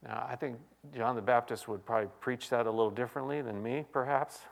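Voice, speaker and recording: A man preaching a sermon, his voice swelling into loud, urgent questions before falling back to a hushed, intimate tone. He reads scripture passages aloud and speaks directly to his listeners. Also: medium pitch, steady tone, fast talker, vocal fry. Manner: dynamic preaching, swinging from loud exclamations to hushed quiet. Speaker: pastor.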